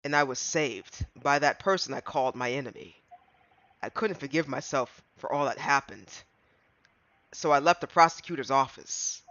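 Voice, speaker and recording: A proud, remorseful prosecutor speaks low and measured, as a man reads his part aloud. The voice sounds bright. The recording is close, dry and a bit muffled. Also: no room sound, natural voice. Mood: solemn.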